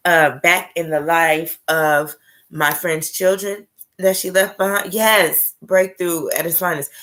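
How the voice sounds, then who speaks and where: Low-voiced woman, kinda sharp bright tone, telling her story to camera, lots of "right?" and cussing. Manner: emphatic, checks in with frequent "right?" and "okay?"; swears casually. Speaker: spiritual vlogger. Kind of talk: personal storytelling monologue.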